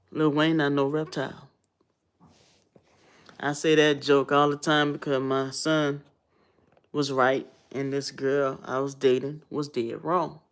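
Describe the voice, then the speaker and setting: Blunt, talkative woman vlogger in her thirties. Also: low-pitched. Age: 30s. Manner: blunt, conversational, animated when telling stories. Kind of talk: casual storytelling rant.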